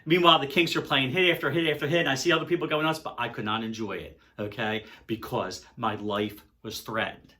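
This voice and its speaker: Animated older man telling stories. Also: mid-range voice, a little fast. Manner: animated, swings between loud excitement and hushed dread. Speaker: music vlogger. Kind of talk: casual storytelling to camera.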